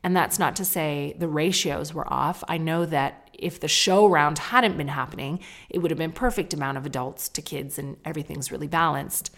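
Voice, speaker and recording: A low-voiced woman in her thirties hosts a casual podcast monologue. She tells candid, chatty stories, leaps up in pitch and loudness for emphasis, and acts out the other people in her anecdotes. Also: moderate pace, hardly any pauses. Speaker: podcast host.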